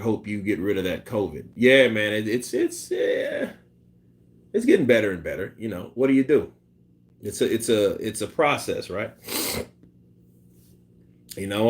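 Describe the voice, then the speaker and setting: Male streamer host, animated delivery, profane casual boxing chatter. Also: fairly low pitch. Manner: loose and profane, with bursts of laughter; imitates punch sounds and quotes people in put-on voices. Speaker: boxing commentary host reading live chat. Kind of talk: casual live-stream chat.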